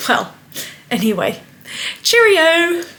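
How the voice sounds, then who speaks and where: A woman's voice: very high voice, wildly swooping pitch, slow, pushed and bright, voice pushed up, heavily acted. A woman putting on an exaggerated, sing-song British character with a mix of posh and Cockney accent in a comic advert. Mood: chirpy. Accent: mixed posh British and Cockney.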